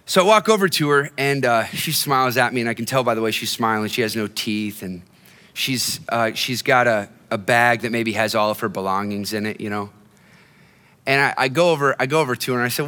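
With a bright, forceful, mid-range voice moving a little fast, a pastor delivers a storytelling-style sermon, often starting phrases over. A long hall reverb colors the recording.

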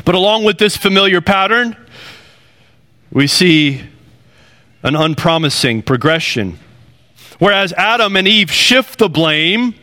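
A man's voice: a little high, pushed and bright. A man preaching a sermon in an earnest, conversational way, building emphasis with rising phrases. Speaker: pastor.

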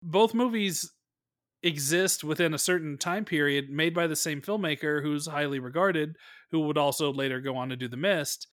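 A man talks films with a rambling, animated energy, cursing freely as he goes off on tangents. His voice sits a bit high, and the sound is close and dry with no room around it. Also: moderate pace, no echo. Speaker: podcast co-host. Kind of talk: casual film discussion.

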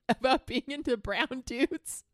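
A woman's voice: high-pitched, slow pace, no echo, studio quality. A woman co-hosting a casual chat, giggly and chatty, often acting out what others said. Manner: giggly, chatty, acts out quoted voices. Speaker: podcast co-host.

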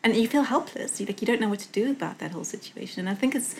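A woman's voice: a little high, animated, very fast, a little hiss or hum. A young woman from South Africa speaking earnestly in a conversational interview, reflective and full of fillers and restarts. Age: young adult. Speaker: guest.

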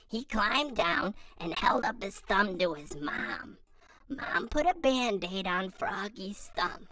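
Woman, half-whispered read-aloud, children's picture book, lively melody. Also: mid-range voice, takes it slowly. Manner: half-whispered, hushed reading. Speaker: storyteller.

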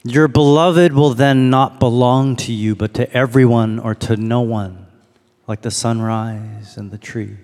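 A man's voice: mid-range voice, steady tone, measured pace, darkish tone. A man giving a sermon as a pastor, in a casual storytelling manner that leans on rhetorical questions. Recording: long hall reverb.

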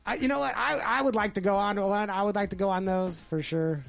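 A man's voice: high voice, a little fast, gravelly, faint music behind. A man hosting a podcast, telling a story in casual chat with frequent swearing and laughter. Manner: animated, laughing, swears often. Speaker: podcast host.

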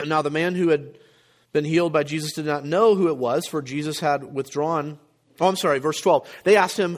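A male pastor preaching a sermon, emphatic, with rhetorical questions and frequent throat clearing. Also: fairly high pitch, moderate pace.

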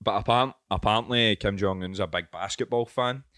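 A man's voice: lowish voice, brisk, a bit bright, no room sound, clean studio sound. A man chatting casually as a podcast co-host, swearing and joking through loose banter. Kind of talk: casual chat.

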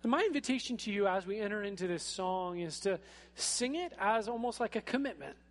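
A man preaching a sermon in a church, speaking in a casual, animated way with frequent fillers. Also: high voice, brisk. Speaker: pastor. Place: church sanctuary. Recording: echoey hall.

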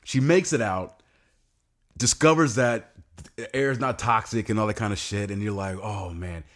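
A man co-hosting a podcast, chatting casually and getting animated and excited, with some swearing. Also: on the low side, normal speed. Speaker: podcast co-host. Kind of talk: casual chat.

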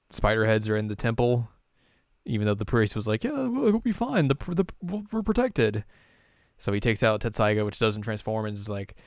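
A young man with a smooth, clear voice recaps an episode in casual chat. He jokes along the way, recorded close and dry. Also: on the low side, fairly bright tone, dry recording. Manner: chatty, jokey retelling. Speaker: podcast co-host.

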